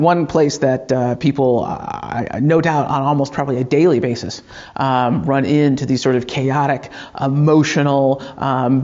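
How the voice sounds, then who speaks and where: A man delivers a sermon in an easygoing, conversational way. He stumbles over fillers and restarts as he tells a story. His voice sits at an ordinary pitch, and the recording sounds slightly dull and lo-fi. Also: darkish tone. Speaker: pastor.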